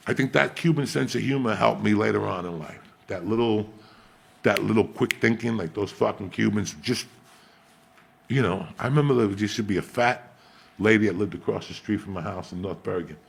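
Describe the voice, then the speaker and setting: A man's voice: on the low side, fairly quick, creaky, breathy edge. A middle-aged man, born in Cuba, hosting a casual chat and telling profane, rowdy stories with laughter mixed in. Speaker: podcast host.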